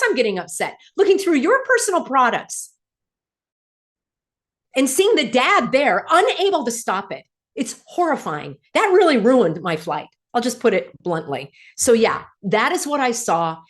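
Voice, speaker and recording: A middle-aged woman hosting her own vlog, indignant and sarcastic. Her voice jumps between loud, high outbursts and low, muttered asides. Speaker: channel host. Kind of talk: animated opinion vlog.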